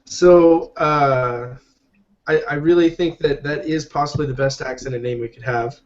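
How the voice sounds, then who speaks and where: A man's voice: fairly high pitch, steady tone, measured pace. Male host, light jokey rambler, muffled video-call sound. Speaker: podcast host. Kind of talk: casual chat. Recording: dull lo-fi call audio.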